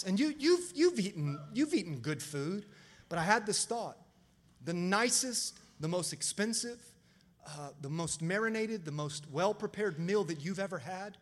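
A man preaching a lively sermon as pastor, calling out to the congregation for responses. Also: high voice. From Florida. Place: church sanctuary.

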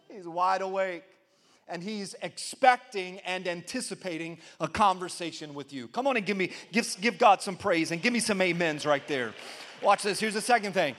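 High-pitched male pastor preaching with fervent call-and-response. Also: moderate pace. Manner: call-and-response preaching, rising to loud emphatic peaks. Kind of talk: sermon.

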